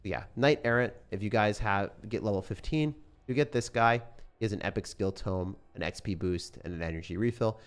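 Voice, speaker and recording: A young man streaming a game, chatting casually in a relaxed, rambling way with lots of fillers. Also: lowish voice, brisk, clean tone. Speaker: gaming streamer. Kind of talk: casual sponsored stream chat.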